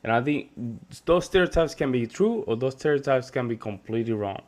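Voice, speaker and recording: A man's voice: mid-range voice, expressive, brisk, darkish tone. A man hosting a reaction video, giving casual commentary in an easygoing, agreeable way and speaking directly to his viewers.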